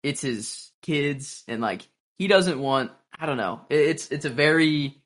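A man casually discussing a TV episode with his co-host, musing in a relaxed, halting way. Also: a little high. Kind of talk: casual show recap chat.

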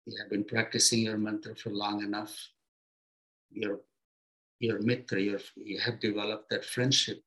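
An unhurried man gives a spiritual talk in a lowish, flat voice on a rough recording. He is a spiritual teacher who speaks gently in short phrases with pauses, using simple everyday comparisons in an encouraging tone.

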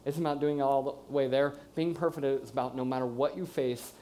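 A man's voice: medium pitch, fairly even intonation, brisk, darkish tone, a little hiss or hum. A man, around his thirties or forties, telling a candid personal story in a conversational way, acting out what people said and what he thought. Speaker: speaker sharing a personal story. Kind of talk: personal testimony talk.

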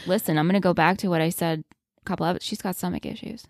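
A woman's voice: fairly low pitch, steady tone, fast talker, dry recording, clean studio sound. A woman co-hosting a podcast, chiming in with wry, blunt opinions in casual chat. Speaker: podcast co-host.

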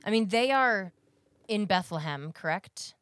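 A woman's voice: mid-range voice, animated, a little slow, a bit bright, no room sound, studio quality. A woman co-hosting a casual Bible study chat. She asks curious questions and hedges her points. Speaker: podcast co-host.

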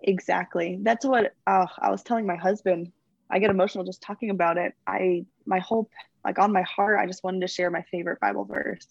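A young woman athlete being interviewed, chatting warmly and gushing, getting emotional as she talks about her faith. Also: lowish voice, gravelly, no echo, lo-fi sound. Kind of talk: casual interview.

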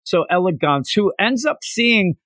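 A man co-hosting a casual podcast chat, animated, acting out quotes with big jumps in pitch. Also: a little slow, no echo. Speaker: podcast co-host. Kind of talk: casual chat recapping an anime episode.

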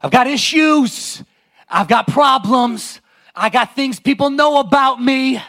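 A man's voice: very high voice, takes it slowly, fairly bright tone, voice pushed up, full character voice. A male preacher voicing a weary outcast woman who pleads her way through a crowd. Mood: pleading. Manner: pleading, apologetic.

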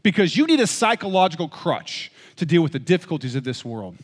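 Male preacher, emphatic sermon delivery with a swinging, animated pitch, recorded with long hall reverb. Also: fairly quick. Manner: emphatic, asks rhetorical questions.

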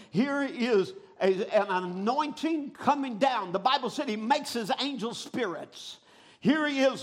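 Preacher guy yelling short lines over and over, high bright voice, drops low for the bible verses. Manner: shouts and chants short repeated lines, then drops low for scripture. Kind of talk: shouting revival sermon.

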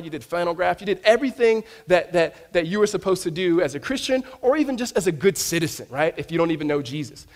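A man preaching a sermon to his congregation, telling stories animatedly and often stammering and restarting his words. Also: high voice. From United States. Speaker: pastor. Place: church sanctuary.

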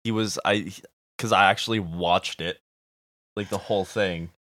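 Deep-voiced laid-back man, dry sound. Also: fairly even intonation, moderate pace, fairly bright tone, no room sound. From Canada. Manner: laid-back, swears freely, hedging. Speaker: podcast co-host. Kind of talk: casual chat.

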